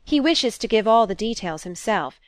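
A woman's voice: on the high side, very animated, normal speed, no room sound, pitched above the performer's own voice. A prim, anxious spinster sister who frets and reproaches in a raised, pleading voice, as a woman narrator puts her on. Her lines sit well above the narration. The storybook reading is dry and close-miked. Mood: fussy.

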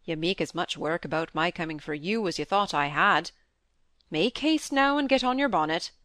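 A woman reading an audiobook, voicing a hearty middle-aged country doctor who talks to his daughter in a brisk, fond, teasing way. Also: lowish voice, lively intonation, sharp tone, no echo, clean studio sound.

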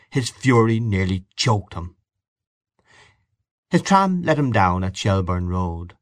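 Expressive low-voiced male storyteller. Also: no room sound, clean studio sound. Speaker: narrator. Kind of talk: audiobook reading.

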